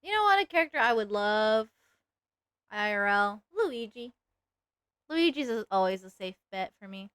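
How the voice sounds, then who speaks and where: A woman's voice: medium pitch, very animated, moderate pace, long pauses, a bit bright, clear, resonant tone, no room sound, studio quality. A young woman streamer chatting casually with her viewers while she draws, giggly and self-mocking. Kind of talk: casual live-stream chat while drawing.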